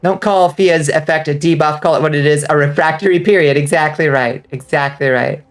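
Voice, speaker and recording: A woman streaming a game live, chatting casually and rambling with lots of fillers, now and then breaking into excited outbursts. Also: low voice, a little fast. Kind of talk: casual livestream chat while gaming.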